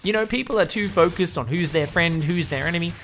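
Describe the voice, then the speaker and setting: Brief: a joking, foul-mouthed male game caster with a bright tone. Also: a little high, fast talker, soft background music. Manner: profane, joking, sarcastic. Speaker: game commentator. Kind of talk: comedic game commentary.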